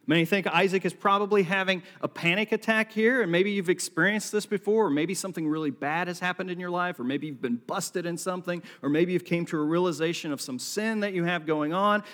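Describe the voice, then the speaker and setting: A man's voice: a little high, a bit bright. A man preaching a sermon to a congregation, telling the story with acted-out lines and jokey asides. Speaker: pastor. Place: large hall with a live congregation. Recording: long hall reverb.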